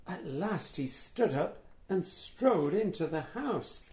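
A man reading a children's picture book aloud in a playful, animated way, with gasps and asides to the listener. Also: on the high side, slow, hardly any pauses. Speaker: children's storyteller. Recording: echoey room.

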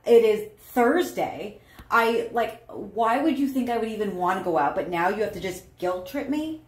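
A woman playing an angry, hostile partner who shouts, swears and turns every complaint back with sarcasm. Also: medium pitch, animated, normal speed, lightly acted. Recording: roomy echo.

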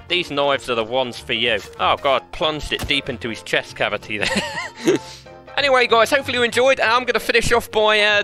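A mischievous man talks over a VR game, laughing often as he goes. His voice is bright and animated and swings widely in pitch. Faint music plays underneath. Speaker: game streamer. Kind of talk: playful VR gameplay commentary.

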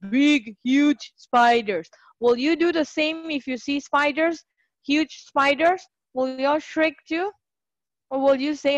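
A woman's voice: high-pitched, unhurried, dry recording, dull audio. A woman tutoring English in a live online class, chatty and encouraging, greeting students by name.

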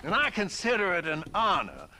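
A blustering, bright-voiced townsman. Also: high voice, sing-song, moderate pace, slight background noise, full character voice. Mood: nervous, fawning. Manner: blustering, theatrical. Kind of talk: video game dialogue.

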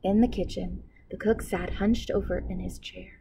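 A woman librarian reading a picture book aloud to children with expressive storytelling. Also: mid-range voice, normal speed, gravelly, hardly any pauses, slight background noise, low-quality recording.

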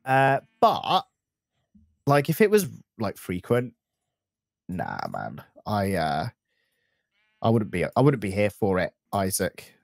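A man's voice: fairly low pitch, takes it slowly, gravelly, long pauses, no echo, studio quality. A man co-hosting a modded game let's play, chatting casually and laughing often. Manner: animated, laughing often, playful. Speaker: co-host of a gaming channel. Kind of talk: casual gameplay chat.

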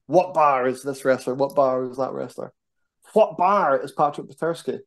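A young Scottish man chatting animatedly as a wrestler guest on a podcast. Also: mid-range voice. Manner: animated, quick to banter. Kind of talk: casual podcast chat.

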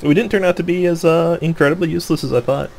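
A man casually commenting on his own gameplay, laughing often, joking and excitable, with faint noise behind him. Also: a little high, fast talker, vocal fry.

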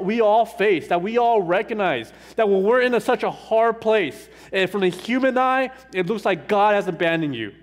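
Earnest man preaching in an echoing church. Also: sits high. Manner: earnest, slow and emphatic, dropping soft on painful words. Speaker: pastor. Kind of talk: sermon. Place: church sanctuary. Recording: long hall reverb.

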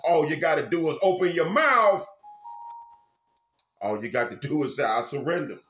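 A man, a minister, preaching an informal sermon with fervent, repetitive phrasing and sudden loud bursts. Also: on the high side, very animated, moderate pace, roomy sound, soft background music.

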